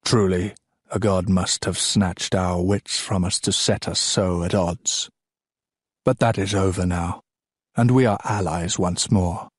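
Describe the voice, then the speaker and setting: A man's voice: low voice, fairly even intonation, a little slow, breathy edge, no echo, studio quality. A man narrating an audiobook, voicing a proud middle-aged king who speaks in a formal, stiff, subdued way. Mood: stiffly formal.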